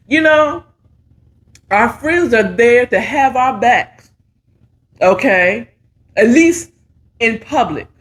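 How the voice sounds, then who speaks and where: A woman's voice: a little high, slow pace, pauses often, fairly bright tone. A middle-aged woman giving casual, sassy, playful commentary while reviewing a talk show.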